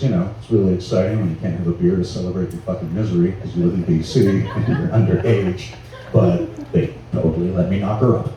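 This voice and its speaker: Canadian guy doing stand-up, swears a lot, mellow dark voice, booming echo, mic far off. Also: muffled recording, a little hiss or hum. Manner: profane, rambling, self-mocking. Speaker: stand-up comedian. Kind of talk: stand-up comedy set. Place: small live venue with crowd. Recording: echoey room, distant mic, faint ambience.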